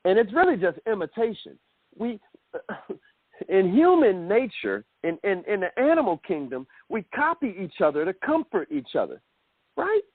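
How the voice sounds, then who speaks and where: Lively male call coach, fairly high voice with swooping pitch, dry phone-line sound. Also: normal speed, no echo. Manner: animated, addresses listeners as millionaires. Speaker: self-development coach. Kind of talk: motivational call training.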